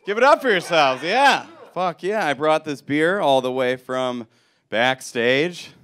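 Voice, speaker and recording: A young man doing stand-up on a comedy club stage, talking into a handheld mic. His voice sits a bit high, and his delivery is dry and self-mocking, then louder on the punchlines. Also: lively intonation, measured pace. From Milwaukee.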